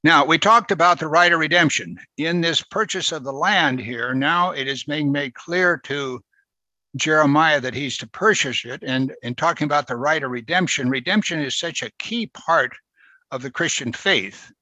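A man's voice: on the high side, moderate pace, pushed and bright, no echo, rough recording. A man preaching a sermon in a conversational way, often asking rhetorical questions.

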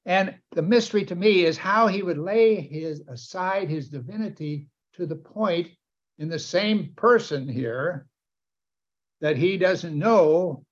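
A man preaching a sermon with emphasis, often asking his listeners questions. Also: fairly high pitch. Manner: emphatic, asks the audience questions. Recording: dull, lo-fi sound.

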